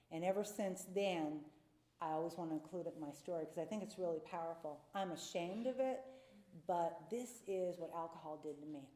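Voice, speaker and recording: Dark-voiced woman at a podium. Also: lowish voice, reverberant. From North Carolina. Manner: candid and confessional, acting out voices from her story. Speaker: AA speaker. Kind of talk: personal recovery talk from a podium.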